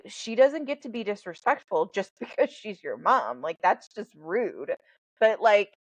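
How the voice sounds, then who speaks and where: A woman's voice: medium pitch, creaky, no echo, highs cut off. A woman hosting a podcast and working as a life coach. She talks candidly and bluntly, swears freely and tells stories with animation. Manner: blunt, profane, animated storytelling.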